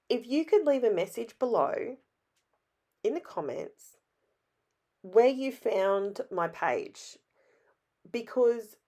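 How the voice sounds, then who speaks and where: A middle-aged Australian woman with a hoarse, raspy voice, chatting in a rambling, self-deprecating way as she narrates her scrapbooking. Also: medium pitch, warm tone. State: hoarse from illness. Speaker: scrapbooking vlogger. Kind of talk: casual voice-over narration.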